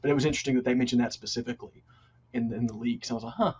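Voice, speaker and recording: A man's voice: mid-range voice, fairly even intonation, very fast, a little mellow, a little hiss or hum. A man co-hosting a podcast in casual chat, giving thoughtful, rambling opinions over a lo-fi recording. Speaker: podcast co-host.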